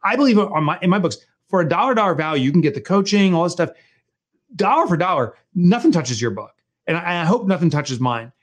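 Brief middle-aged man, guest author, higher pitch and very lively delivery, jokey storyteller. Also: fairly quick. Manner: animated storyteller, jokey, mimics people. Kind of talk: casual podcast conversation.

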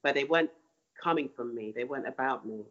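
A woman's voice: very deep voice, fast talker, a bit bright, lo-fi sound. A woman artist answering interview questions thoughtfully, often restarting and repeating words.

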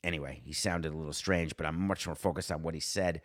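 A man's voice: extremely low pitch, fairly even intonation, fast. A man hosting a sports podcast, ranting with sarcasm and indignant rhetorical questions. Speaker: podcast host. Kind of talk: sports talk monologue.

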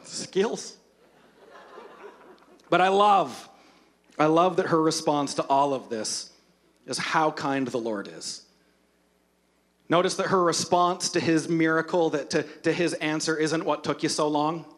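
High-voiced animated male preacher. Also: slow pace, pauses often. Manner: animated, humorous storytelling of scripture. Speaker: pastor. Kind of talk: sermon.

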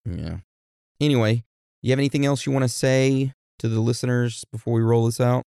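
A man co-hosting a casual podcast, joking around and reading out listener shout-outs in an animated way. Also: medium pitch, brisk, vocal fry, clear, resonant tone, no echo, clean studio sound. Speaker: podcast co-host.

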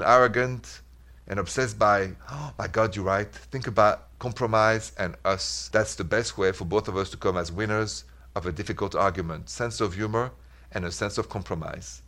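A man's voice: fairly low pitch, normal speed, fairly bright tone. A man hosting a radio advice show, talking in an earnest, reflective way with simple repeated phrases. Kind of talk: casual radio talk.

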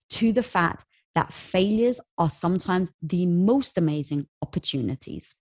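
Guest, woman, 40s, husky, dry studio sound, animated storyteller. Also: medium pitch, moderate pace, dry recording. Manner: animated storyteller, acts out quotes. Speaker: podcast guest, entrepreneur. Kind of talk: casual interview storytelling.

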